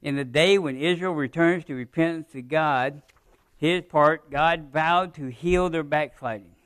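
A man preaching a sermon in a church, talking to the congregation in a conversational way, stressing key phrases and dropping low at the ends of sentences. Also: unhurried, fairly bright tone, clear, resonant tone, no room sound. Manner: rises in volume on emphasized phrases, drops low at sentence ends. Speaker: pastor. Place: church sanctuary.

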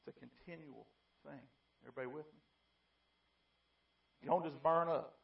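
A man's voice: a little high, fairly even intonation, normal speed, creaky. Fiery preacher man, distant lo-fi sound. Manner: swings from quiet pleading to shouting. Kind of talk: fiery sermon. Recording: distant, dull lo-fi mic.

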